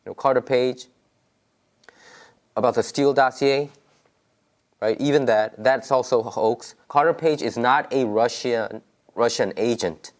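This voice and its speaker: A man's voice: mid-range voice, measured pace, long pauses. A man whose first language is Korean, giving a political commentary monologue in English with emphatic rhetorical questions and frequent repetition.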